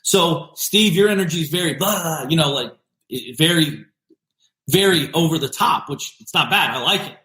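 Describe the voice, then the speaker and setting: A male podcast host giving an energetic, emphatic motivational business talk, repeating punchy phrases. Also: a little high, normal speed, echoey room.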